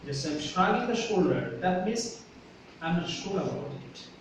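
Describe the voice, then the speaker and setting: Bangladeshi lecturer, echoey classroom from afar. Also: male voice, high-pitched, lively intonation, measured pace. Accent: Bangladeshi English. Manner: emphatic, repeatedly checks "Yes? Clear?" with students. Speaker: university lecturer. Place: university classroom. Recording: echoey classroom from far off, faint hiss.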